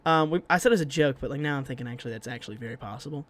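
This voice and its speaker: A man's voice: mid-range voice, very fast, a bit bright. A man hosting a music reaction video, joking, swearing and laughing often in casual chat.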